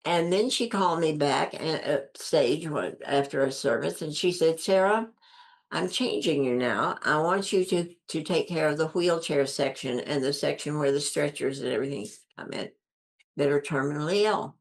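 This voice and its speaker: A woman's voice: deep voice, normal speed. An older woman telling a personal story as a guest in an interview, earnest and emphatic, acting out what others said with a lifted voice and repeating phrases for effect. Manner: earnest, acts out quoted dialogue with lifted voice.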